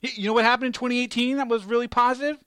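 A man hosting a casual chat, rambling and animated, swearing and laughing often. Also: extremely high pitch, very fast, clean tone, dry recording, studio quality.

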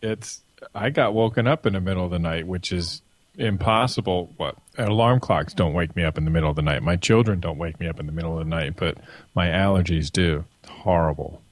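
A man in his thirties with a deep voice, teasing his co-hosts in a blunt, matter-of-fact way. The recording is dry and close, with no room sound. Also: fairly quick, dry recording. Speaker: podcast co-host. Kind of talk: casual chat.

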